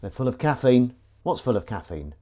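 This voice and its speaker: A man's voice: mid-range voice, sing-song, moderate pace, warm tone. A man chatting casually and joking with viewers while he washes up on a livestream. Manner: chatty, jokey, greets viewers by name. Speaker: livestream host. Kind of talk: casual chat while washing up. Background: clinking dishes and cutlery.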